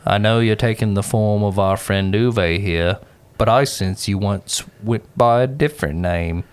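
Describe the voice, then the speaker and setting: A man voicing a formal, flattering male sorcerer who speaks slowly and ceremoniously to a spirit. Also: lowish voice, smooth, pitched below the performer's own voice, lightly acted. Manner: slow and ceremonious.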